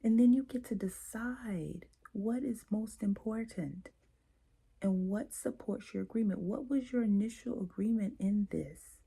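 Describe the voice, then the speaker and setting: A woman hosting a self-help talk, speaking slowly with a gravelly, slightly husky tone. Her voice is darker and mellow, and she coaches her listeners, acts out short example exchanges and asks them questions. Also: medium pitch. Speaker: host and coach. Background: quiet, late at night.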